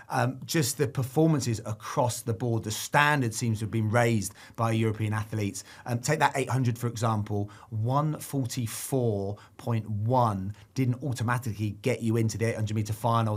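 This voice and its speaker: Man, podcast host, low voice, upbeat, brisk sports recap.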